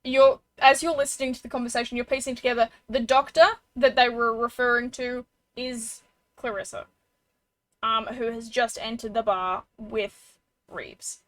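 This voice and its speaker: A woman's voice: on the high side, fairly even intonation, normal speed, no echo. A woman narrating as game master of a tabletop role-playing game, in a casual way with many fillers.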